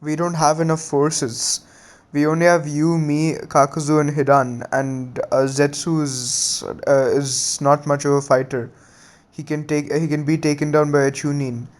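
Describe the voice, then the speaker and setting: A man's voice: on the high side, level tone, a little slow, close to an everyday voice. A man voicing a nervous, doubtful young male henchman who stammers. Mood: unsure.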